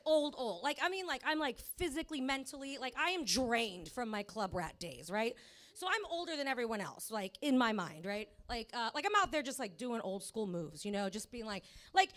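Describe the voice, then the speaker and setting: A woman's voice: on the high side, fairly bright tone. A woman in her thirties doing a rambling, profane stand-up set at a comedy club, full of fillers.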